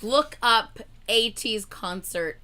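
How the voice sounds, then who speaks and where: Woman reacting on stream, high pitched, loud and excitable, swears a lot. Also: slow, clear, resonant tone. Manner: excitable, loud exclamations and cursing. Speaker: livestream co-host. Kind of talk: casual reaction chat.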